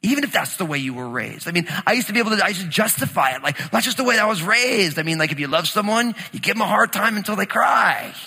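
Animated New pastor preaching in a hall. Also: male voice, high voice, fast talker, gravelly, few pauses, breathy edge. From New Jersey. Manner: animated, storytelling, shifts between quiet scripture reading and emphatic teaching. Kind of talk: sermon.

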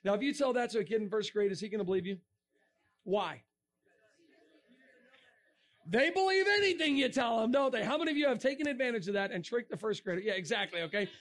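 Animated high-voiced man preaching. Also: fast talker, long pauses. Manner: animated, asks the crowd questions, jokes. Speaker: creationist speaker. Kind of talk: lively talk to a youth audience.

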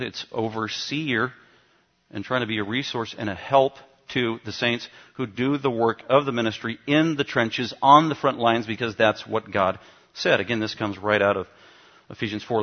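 A man's voice: mid-range voice, steady tone, a little fast, dull audio. A male pastor preaching a teaching sermon to his congregation, emphatic and given to asking them questions.

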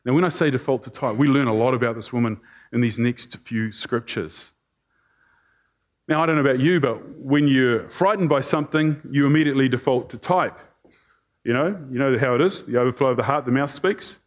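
A male preacher giving a conversational sermon, animated and joking with the congregation. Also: mid-range voice, fairly quick.

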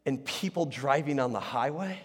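A man preaching an energetic sermon in a church. He swings between shouting and soft, near-whispered asides, with self-deprecating humor. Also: medium pitch, moderate pace, husky, in a large hall. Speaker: pastor. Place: church sanctuary.

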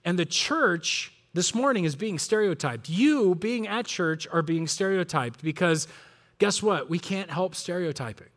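Male pastor, higher register, earnest reflective sermon delivery with asides. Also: animated, a little slow, a bit bright.

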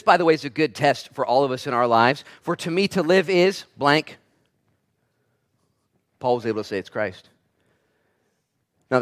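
A man preaching a sermon as pastor, swinging between loud emphatic bursts and quiet asides, and acting out voices in quoted lines. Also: medium pitch.

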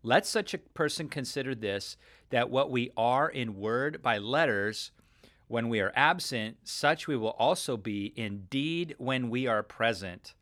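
A man with an average-pitched voice teaches scripture in a relaxed, earnest, conversational manner. He chuckles now and then and speaks like a podcast host to his listeners. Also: a little slow. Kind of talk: casual Bible teaching.

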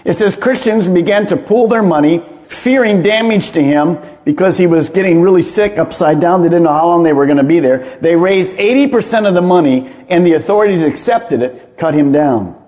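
A man's voice: sits high, animated, fairly quick, few pauses, dark tone. A man, a pastor, preaching a sermon with emphatic rhetorical questions.

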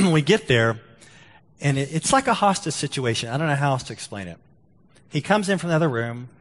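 A man's voice: a little high, brisk, long reverb tail. A male pastor preaching a sermon, telling a story with restarts and acted-out quotes, then leading a prayer. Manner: storytelling, lively quoted voices, stammered restarts. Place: church sanctuary.

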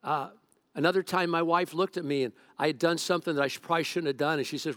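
A man's voice: on the high side, quick pace, dry recording, clean studio sound. A middle-aged man preaching a sermon as a pastor, telling stories from home and joking with the congregation. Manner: animated, joking storyteller.

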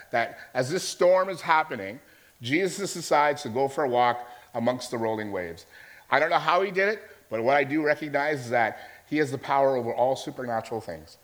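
A man's voice: medium pitch, expressive, a little fast. A man preaching a sermon as a pastor, in a conversational storytelling manner that keeps checking in with his listeners.

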